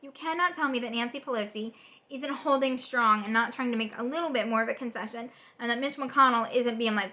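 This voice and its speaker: A woman political vlogger in an unscripted, angry rant, exasperated and swearing, with rapid repetitions and restarts. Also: on the high side, pushed and bright.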